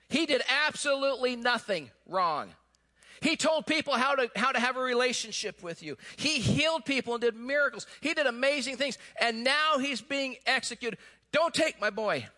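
Brief: male preacher doing a grieving mother, pleading, high bright tone. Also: lively intonation, moderate pace, exaggerated voice. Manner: pleading, impassioned. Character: grieving mother pleading for her dying son.

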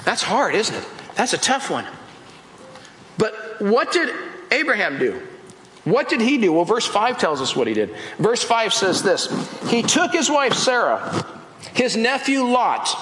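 A pastor giving a casual, animated sermon, acting out scenes from the Bible in different voices. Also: male voice, high-pitched, echoey room, poor audio.

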